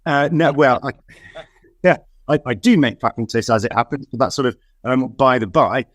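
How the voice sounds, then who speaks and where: A man from the West Country of England, a guest speaking in casual chat over a video call, hesitant with many pauses and a wry tone. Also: mid-range voice, dry recording. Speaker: guest, head of local plans.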